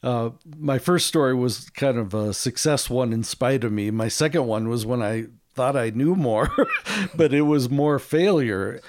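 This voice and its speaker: Animated American man telling stories. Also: measured pace. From United States. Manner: animated storyteller, acts out quotes with big pitch jumps. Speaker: guest, ministry author. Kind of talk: storytelling in a podcast interview.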